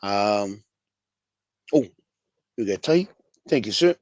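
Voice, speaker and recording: A man's voice: on the low side, expressive, slow, dry recording. Kiwi guy hosting a fan stream, chill and slangy, dry close sound. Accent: New Zealand. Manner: laid-back, slangy, calls everyone bro. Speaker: fan show host. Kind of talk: casual livestream chat.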